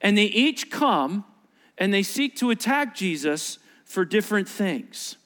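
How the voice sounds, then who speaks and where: A male pastor delivering a sermon, animated and joking, acting out little voices and sarcastic asides. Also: sits high, unhurried.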